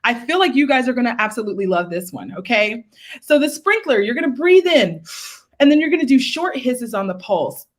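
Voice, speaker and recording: A woman's voice: fairly high pitch, sing-song, a little fast. A woman singing teacher leading a live online workshop, chatty and encouraging, laughing easily between exercises.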